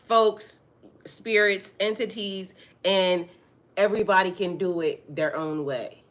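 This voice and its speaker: A middle-aged woman, hosting a casual spiritual live stream in a rambling, excitable, profane way. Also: medium pitch, slow pace. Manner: rambling, excitable, profane, greets viewers by name.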